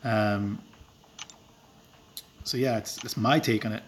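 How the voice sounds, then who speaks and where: A man's voice: on the low side, fairly even intonation, takes it slowly, a little hiss or hum. A man with a rural Irish accent, chatting casually on a live stream while playing a game, rambling with fillers and chuckling at himself. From Ireland. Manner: rambling and self-deprecating, with filler words and chuckles.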